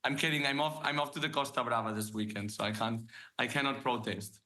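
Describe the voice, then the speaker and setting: Catalan guy hosting a podcast, bright forceful voice, jokey and upbeat. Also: mid-range voice, brisk. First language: Spanish. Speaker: podcast host.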